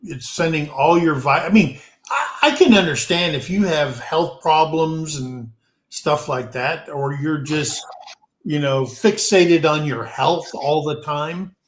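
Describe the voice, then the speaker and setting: A man's voice: on the high side, takes it slowly. A man from the United States hosting a casual live-stream chat, rambling along with plenty of ums and restarts. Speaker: show host. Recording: roomy echo.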